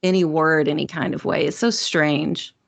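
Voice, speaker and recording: A woman's voice: deep voice, steady tone, normal speed, creaky. A woman with a Southern US accent, co-hosting a podcast in a chatty, rambling way and laughing often. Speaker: podcast co-host. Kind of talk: casual chat.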